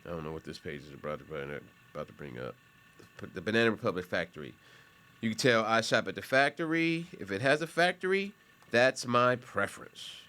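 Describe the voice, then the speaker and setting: A man's voice: lowish voice, lively intonation, a little fast, bright, forceful tone. Male instructor, offhand and chatty, talking through a screen demo with frequent asides. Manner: conversational and rambling, with self-corrections and asides. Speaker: college instructor. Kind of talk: casual classroom explanation while screen sharing.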